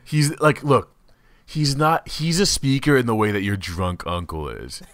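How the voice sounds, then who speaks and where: A man hosting a comedy podcast, chatting casually in an animated, swearing, rambling way. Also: mid-range voice, a little slow, no echo, studio quality. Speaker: podcast host.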